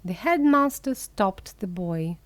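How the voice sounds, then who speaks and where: A woman reading a children's story aloud for English learners, clear, careful and expressive. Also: mid-range voice, slow pace, dry recording.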